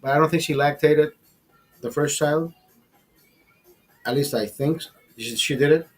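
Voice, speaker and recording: A man hosting a casual podcast, telling a long profane story in a rambling, animated way. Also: fairly high pitch, a little slow, faint music behind. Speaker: podcast host.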